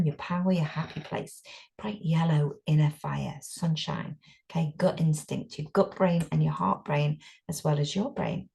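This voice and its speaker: A woman teaching breathing techniques in a calm guided meditation, giving soothing step-by-step instructions with frequent "okay"s and sometimes dropping to soft whispers. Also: low voice, creaky. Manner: drops to soft whispers at times.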